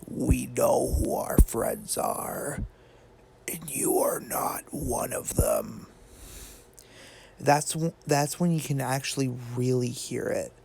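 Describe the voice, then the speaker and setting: A gaming video creator talks casually about a video game theory in a mid-range, slightly mellow voice. He rambles and thinks out loud, frequently restarting and adding fillers.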